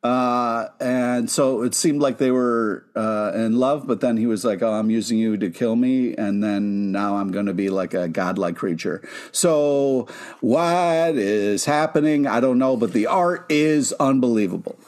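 A man's voice: mid-range voice, a little slow, darkish tone. A man co-hosting a comic book podcast, rambling in casual chat with lots of fillers. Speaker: podcast co-host.

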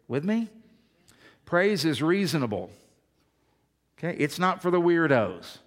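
A man's voice: fairly high pitch, sing-song, a little slow, pauses often. A pastor in his fifties preaching a sermon with emphasis, often asking the congregation questions. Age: 50s.

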